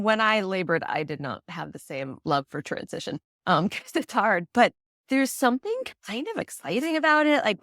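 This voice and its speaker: A woman guest in a casual interview, chatty and quick to laugh, often acting out the voices of people she quotes. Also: a little high, a bit bright, dry recording, studio quality. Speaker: prenatal yoga teacher and doula, guest.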